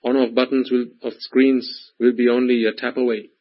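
A man's voice: mid-range voice, level tone, normal speed. A man giving a sermon in an emphatic style, repeating phrases and speaking directly to the listeners. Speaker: preacher. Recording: dull lo-fi recording.

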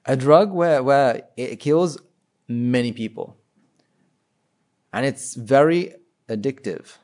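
A man's voice: medium pitch, slow pace, darkish tone. A man with a mid-range voice giving an informal talk. He keeps asking his listeners rhetorical questions and answers them himself. He often stumbles and restarts his sentences. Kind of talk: informal spoken talk to an audience.

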